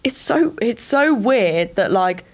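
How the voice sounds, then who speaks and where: A woman's voice: fairly high pitch, animated, slow. A young woman co-hosting a podcast, chiming in and musing in casual chat. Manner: short reactions and musing. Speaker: podcast co-host.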